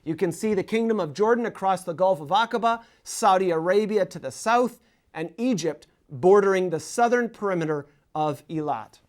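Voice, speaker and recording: A man hosting a scripted travel talk, listing places in a lively, humorous way. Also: high voice, moderate pace. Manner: lively, humorous list-making. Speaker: host.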